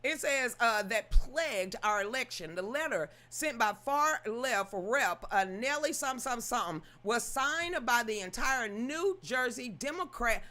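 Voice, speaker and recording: A woman's voice: fairly high pitch, lively intonation, normal speed, hardly any pauses, pushed and bright. A woman hosting casual political commentary, sassy and exasperated, mocking the people she talks about.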